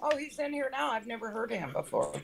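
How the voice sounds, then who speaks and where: Goofy woman with a lively, gravelly voice. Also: fairly high pitch, fast talker, slight background noise. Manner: goofy and joking. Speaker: chat guest. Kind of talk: casual group chat on a live stream.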